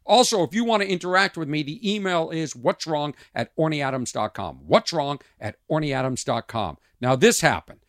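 A man hosting his own podcast, a comedian telling stories in an animated way and acting out exchanges. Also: fairly high pitch, normal speed, hardly any pauses, no room sound, studio quality. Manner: animated storytelling, acts out exchanges. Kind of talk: casual podcast monologue.

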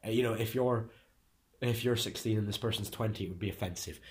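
A man's voice: lowish voice, fast. Young man, rambling and searching for words. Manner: explains at length with restarts, searching for words. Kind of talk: casual conversation.

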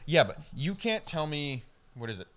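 A man's voice: on the high side, sing-song, moderate pace, a loud crowd. A man co-hosting a podcast, chatting casually, explaining things and correcting the others. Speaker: podcast co-host. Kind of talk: casual chat.

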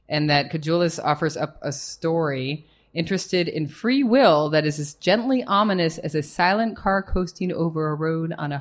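A woman hosting a live reading in a pub carriage house, introducing an author in a casual, enthusiastic way with some swearing. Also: low voice. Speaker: reading series host.

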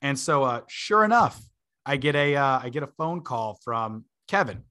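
A man's voice: mid-range voice, big pitch swings, moderate pace, sharp tone. A man in his twenties, a podcast host, telling a long story in a casual way, full of fillers and laughing asides.

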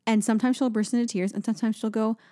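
A woman in her thirties co-hosts a casual chat, telling lively everyday stories. She slips into quick voiced quotes as she goes, and sounds a bit sleepy. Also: fairly high pitch. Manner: chatty, animated storytelling with voiced quotes. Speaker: podcast co-host and mother.

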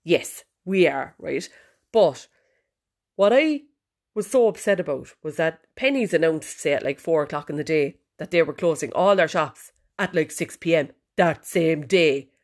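Low-voiced chatty Irish woman. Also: expressive, measured pace, darkish tone. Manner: chatty, cheeky and sweary. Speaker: podcast host. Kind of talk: casual chat. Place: bedroom, sitting on the bed.

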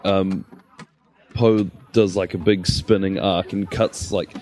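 A man playing his character in a tabletop game, talking haltingly with fillers. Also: low voice, steady tone, darkish tone, slight background noise. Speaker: player. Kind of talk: tabletop role-play.

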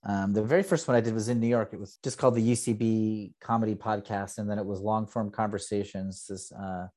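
A man's voice: on the low side, fairly even intonation, a little fast, dark tone. A man who teaches improv, chatting casually as a podcast guest, rambling and self-deprecating with lots of fillers. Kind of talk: casual interview chat.

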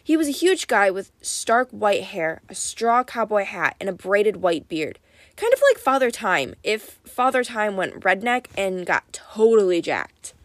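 A woman reading a first-person audiobook with wry, lively storytelling. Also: mid-range voice, no room sound. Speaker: audiobook narrator.

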